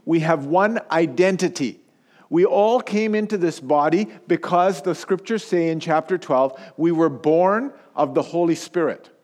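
A man's voice: on the high side, a little slow, darkish tone. Man in his fifties preaching with an easy storytelling style. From Pakistan. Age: 50s. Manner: storytelling, laughs often, checks in with "okay?". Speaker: pastor. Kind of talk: sermon.

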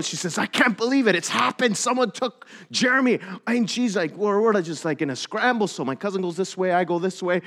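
A man's voice: high voice, fairly bright tone. A middle-aged man preaching a sermon, telling a personal story and building to impassioned emphasis. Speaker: pastor.

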